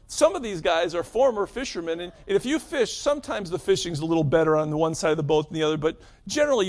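A pastor from northeastern Pennsylvania preaching a sermon in a casual, conversational way, asking the congregation questions and stressing key words. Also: male voice, sits high.

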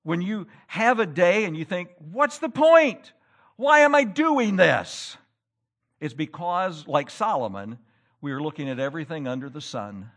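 A man preaching a sermon in a church, with animated delivery that rises to loud, emphatic peaks. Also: a little high. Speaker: pastor.

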